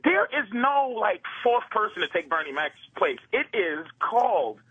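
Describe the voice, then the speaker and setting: A man's voice: high voice, very animated, normal speed, husky, no echo, muffled recording. A man calling in to a radio show, joking in a rambling, wry way. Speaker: guest calling in. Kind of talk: casual radio banter.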